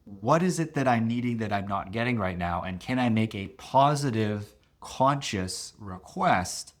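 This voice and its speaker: Man, relationship coach, fairly low voice, expressive teaching talk, acts out quotes. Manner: animated, acts out quoted voices with big pitch jumps.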